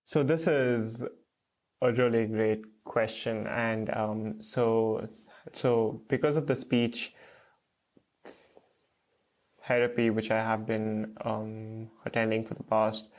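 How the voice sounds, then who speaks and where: Young man, halting speech with stutter. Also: on the low side, flat delivery. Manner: stutters with repeated words and many "uh" fillers. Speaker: guest, doctoral student. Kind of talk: casual conversational interview.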